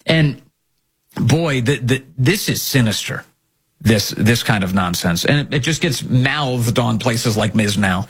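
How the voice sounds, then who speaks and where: Husky, indignant male commentary host. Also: mid-range voice, animated, a little slow. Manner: indignant, hammering rhetorical questions. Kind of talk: opinionated commentary.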